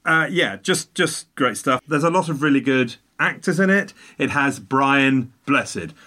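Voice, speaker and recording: A man chatting casually, telling a long story with animated asides and tangents. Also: medium pitch, a little slow. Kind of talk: casual chat.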